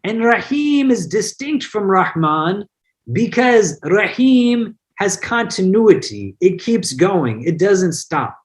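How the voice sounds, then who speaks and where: An imam teaches an online class in a conversational way, explaining word meanings and mixing in personal anecdotes. His voice sits high and sing-song, and he speaks at a slow pace.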